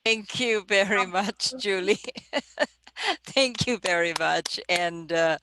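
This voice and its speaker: Brief: effusive woman meeting chair, mid pitch, dry close recording, video call. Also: slow pace, sharp tone, dry recording.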